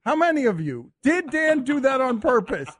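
A man hosting a sports radio show, excitable and mocking, often laughing as he talks. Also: extremely high pitch, normal speed, slightly rough.

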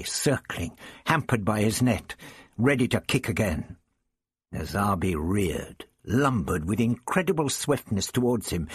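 A man reading a story aloud with expressive, dramatic narration. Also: medium pitch, slightly rough, no echo, studio quality. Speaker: audiobook reader. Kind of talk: scripted narration.

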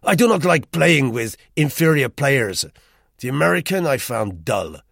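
An arrogant, irritable man, curt and boastful, put on by a male audiobook narrator. His lines come out loud and clipped, husky at the edges, set higher than the narration, with a lively swing. The recording is dry and close. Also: unhurried, no room sound, exaggerated voice. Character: arrogant, suspicious, irritable middle-aged man. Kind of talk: audiobook character voice.

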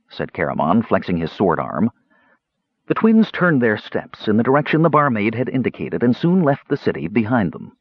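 A man reading a fantasy audiobook with expressive, dramatic narration. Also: on the low side, normal speed, husky, no room sound, highs cut off.

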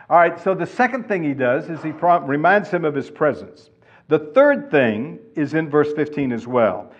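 A man's voice: on the high side, animated, normal speed. A man preaching a sermon, emphatic and asking his listeners questions. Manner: emphatic, asks the congregation questions. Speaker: pastor. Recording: dull lo-fi sound.

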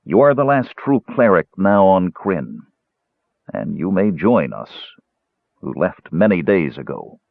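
A man's voice: deep voice, sing-song, unhurried, creaky, no room sound, exaggerated voice. A man voicing a stern, solemn old male elf cleric who appears as a ghostly spirit. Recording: tinny phone-like dry sound.

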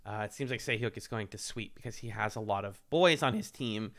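Guy podcast cohost, bright tense voice, laughs a lot, acts out bits. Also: lowish voice, fairly quick. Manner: animated, acts out quotes in bursts, laughs often. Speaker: podcast co-host recapping a reality show. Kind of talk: casual chat.

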